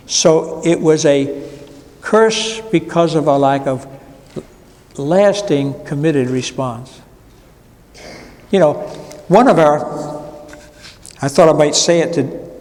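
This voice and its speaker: Wry pastor teaching in a reverberant church room. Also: male voice, on the high side, darkish tone. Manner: conversational, digressive, wry asides. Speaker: pastor teaching adult education. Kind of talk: informal Bible class lecture. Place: church classroom.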